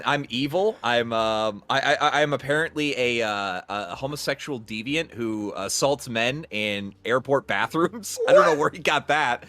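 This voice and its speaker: A man speaking casually and hesitantly, with many pauses and fillers. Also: medium pitch, a bit bright. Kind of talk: casual chat.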